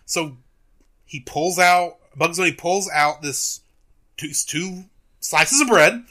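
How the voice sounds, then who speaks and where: A man co-hosting a film review podcast, retelling a cartoon in casual chat as an animated storyteller who laughs often. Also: a little high, slow pace.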